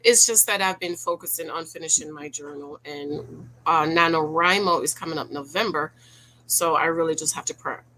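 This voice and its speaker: A woman in her forties giving casual reaction commentary to her viewers, animated and preachy, firing rhetorical questions at them. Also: sits low, moderate pace, creaky, a little hiss or hum. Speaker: YouTube commentator.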